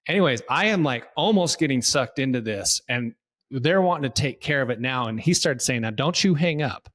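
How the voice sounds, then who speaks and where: Animated storytelling man, casual podcast. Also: mid-range voice, a little fast. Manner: animated storyteller, acts out phone callers. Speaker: podcast co-host. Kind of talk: casual conversational podcast chat.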